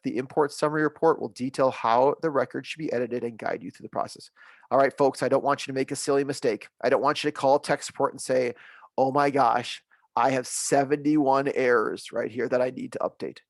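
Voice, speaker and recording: A man's voice: medium pitch, no echo. Male webinar trainer, mid-range voice, upbeat and reassuring, dry close mic. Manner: upbeat, reassuring, repeats key points. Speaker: software trainer.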